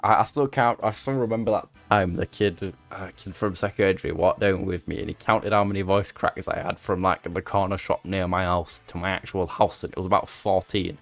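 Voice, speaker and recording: Young man, deep voice, rambling stream chatter, voice cracks, faint music behind. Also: fairly even intonation, creaky. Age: young adult. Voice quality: prone to voice cracks. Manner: rambling, self-mocking, quick asides to chat. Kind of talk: casual gaming stream chat.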